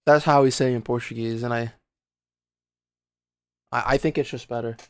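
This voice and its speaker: Young guy, casual speedrun streamer, loose slangy talker who grumbles at his own runs; average pitch. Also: fairly even intonation, normal speed, clean tone, dry recording, studio quality. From Brazil. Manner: rambling slangy chatter, muttering at his own gameplay. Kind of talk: casual livestream chat while playing.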